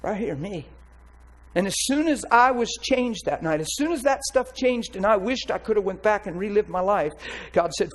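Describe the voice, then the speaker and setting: A man's voice: sits high, expressive, moderate pace, rough recording. A man preaching his testimony in an impassioned, emphatic way. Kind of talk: testimony sermon.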